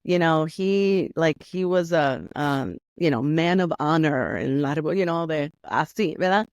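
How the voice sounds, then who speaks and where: A woman's voice: low-pitched, animated, a little slow, a little mellow, no room sound, studio quality. A middle-aged woman from New York, talking casually as an interview guest, with many fillers and the odd Spanish phrase. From New York, USA. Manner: chatty, many fillers like "you know" and "like".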